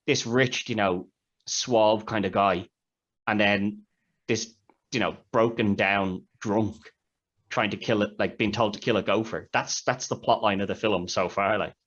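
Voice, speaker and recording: A man's voice: lowish voice, steady tone, a little slow, fairly bright tone. A man co-hosting a podcast, chatting casually about a film and retelling its scenes in a rambling way. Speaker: podcast co-host. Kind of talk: casual film review chat. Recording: dull lo-fi sound.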